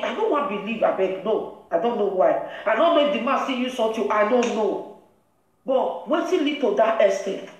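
A woman with a Nigerian Pidgin English accent, hosting a live-stream commentary and lecturing another woman in a scolding, preachy way. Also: a little high. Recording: very echoey room.

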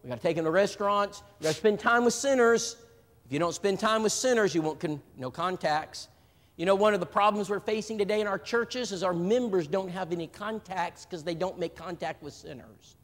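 Animated preacher man in a reverberant hall. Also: sits high, a little fast. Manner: animated storyteller, voices other people in his stories. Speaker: preacher leading a church seminar. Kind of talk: seminar talk with acted-out anecdotes. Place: church hall. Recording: live stream with a long hall reverb.

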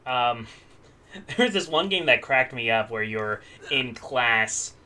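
A man's voice: mid-range voice, lively intonation, slow, bright, forceful tone, slight background noise. A man co-hosting a let's play, chatting casually over gameplay in a rambling way, laughing often and correcting himself mid-sentence.

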